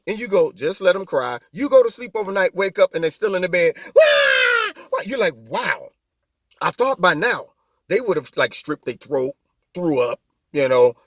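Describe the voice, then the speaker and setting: Male commentary host, high and lively, mocking tone, dry close sound. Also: no room sound. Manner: animated, mocking, rhetorical questions. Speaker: host of a political commentary show. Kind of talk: opinionated political commentary.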